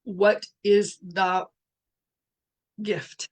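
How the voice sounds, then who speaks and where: A woman's voice: medium pitch, little pitch movement, very slow, a little mellow. A middle-aged woman leading a reflective spiritual talk, speaking candidly and earnestly, sometimes swearing. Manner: candid, earnest, swears, reads out participants' messages. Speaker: workshop facilitator.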